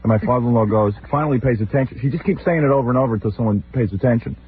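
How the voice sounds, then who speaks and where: A man hosting a radio show, telling comic stories in an animated, exasperated rant and mimicking his relatives. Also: medium pitch, racing. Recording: tinny phone-like old radio recording with faint hiss.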